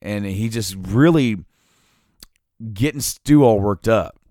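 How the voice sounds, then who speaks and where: A man in a casual chat who tells long stories in a halting, rambling way with many fillers. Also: on the low side, mellow, no echo, clean studio sound.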